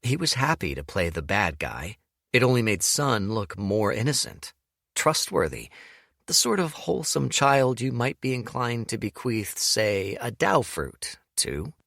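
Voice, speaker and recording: A man narrating an audiobook in an expressive, storytelling manner. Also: lowish voice, measured pace, vocal fry, dry recording, clean studio sound.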